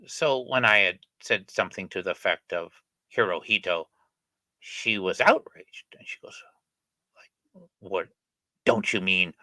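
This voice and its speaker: A man's voice: low voice, pushed and bright, no echo, poor audio. A middle-aged man hosting a channel, giving casual spoken commentary on an article he is reading, rambling along with frequent fillers and self-corrections. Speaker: channel host discussing an article.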